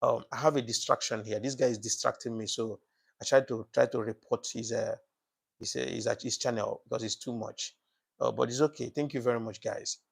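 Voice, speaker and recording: A man's voice: mid-range voice, steady tone, fairly quick, vocal fry, breathy edge. A man hosting a casual live broadcast, thanking viewers by name and preaching passionately about politics, with many fillers and repeats. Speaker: live-stream host.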